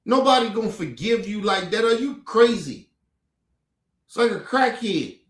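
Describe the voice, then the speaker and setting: A man's voice: high-pitched, lively intonation, a little slow, echoey room. A man hosting a commentary show, ranting angrily and profanely at clips with mocking rhetorical questions. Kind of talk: profane angry reaction rant.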